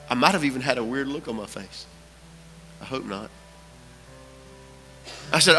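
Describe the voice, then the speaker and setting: A man's voice: mid-range voice, normal speed, pauses often, sharp tone, in a large hall, soft background music. A man preaching a sermon as pastor, telling a story with repeated phrases for emphasis. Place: church sanctuary.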